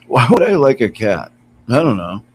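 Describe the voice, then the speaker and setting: A man's voice: medium pitch, very animated, a little slow, slight background noise, poor audio. A man streaming casually from home, chatting with viewers, laughing often and cooing at his cat, sitting some way from his computer mic. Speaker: live streamer. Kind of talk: casual live-stream chat. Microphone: computer mic some distance away.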